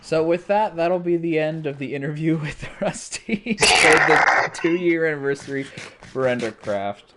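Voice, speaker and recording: A man's voice: on the high side, unhurried, very noisy. A man hosting a livestream, chatting casually and rambling with frequent restarts and laughs. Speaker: streamer host.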